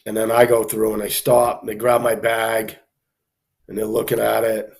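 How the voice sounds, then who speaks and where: A man casually telling an anecdote on a live stream, animated, acting out the people he quotes, with plenty of fillers. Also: on the low side, moderate pace, gravelly.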